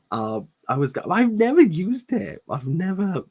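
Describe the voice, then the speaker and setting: A man's voice: high-pitched, very animated, unhurried, darkish tone, husky. A man in his thirties reads a novel aloud, stopping to joke about it and repeating words he likes. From Wales. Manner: playful, savours and repeats words. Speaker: book channel host. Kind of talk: reading a novel aloud with joking commentary.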